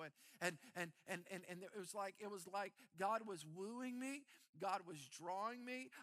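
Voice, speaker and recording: A middle-aged man preaching a sermon as pastor, animated and repeating words as he builds. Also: sits high, vocal fry, dry recording, clean studio sound.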